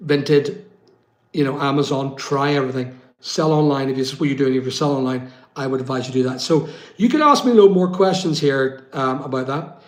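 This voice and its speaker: A man's voice: medium pitch, echoey room. A man from West London hosting a casual live chat, reading out viewer comments and answering them with plenty of ums. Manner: chatty, reads out comments, many ums.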